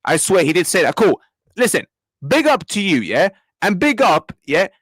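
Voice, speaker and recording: A man's voice: sits high, sing-song, moderate pace, a bit bright, slightly rough, no echo, rough recording. A man ranting in a match reaction video, exasperated and slangy, repeating himself as he talks to his viewers. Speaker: football fan channel host. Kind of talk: heated match reaction rant.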